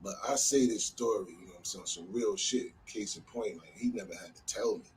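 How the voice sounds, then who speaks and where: A man from New Jersey casually telling a street story in a loose, animated way, often filling with "you know what I'm saying.". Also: on the low side, brisk, far from the mic, a little hiss or hum, rough recording.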